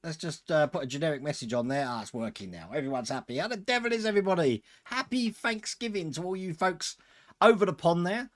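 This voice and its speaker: Host, male, fairly high voice, casual and chatty with viewers. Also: lively intonation, quick pace, a bit bright. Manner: chatty, chuckles often, talks to viewers. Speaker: host of a model-building channel. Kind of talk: casual live stream chat.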